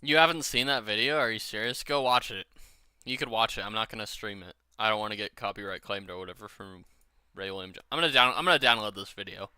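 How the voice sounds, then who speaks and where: A man from Washington talks his way through a gaming stream in a loose, rambling, profane way, a little drunk. His lowish voice is very bright and crisp. The sound is dry and close. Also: quick pace, no echo. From Washington state. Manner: rambling, profane, chatty with viewers. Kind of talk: casual stream chat.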